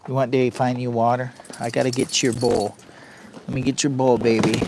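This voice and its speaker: A man's voice: medium pitch, flat delivery, brisk, noisy background. Man, camping vlogger, hot and sweaty in a heated tent, rambling live-stream chat, dotes on his dog. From Michigan. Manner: rambling, talks to his dog in a doting baby voice. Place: inside a heated tent in the rain.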